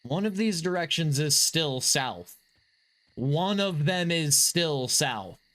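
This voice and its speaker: A gaming streamer with a fairly high, expressive, slightly bright voice talks slowly through casual live gameplay commentary. He rambles and restarts sentences, swearing and then apologizing as frustration and agitation build.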